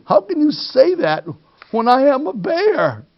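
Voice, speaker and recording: A man's voice: very high-pitched, wildly swooping pitch, unhurried, vocal fry, highs cut off, pitched above the performer's own voice, exaggerated voice. Man voicing a stammering sleepy bear. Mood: alarmed. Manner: stammering, pleading. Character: sleepy confused bear, polite and insistent.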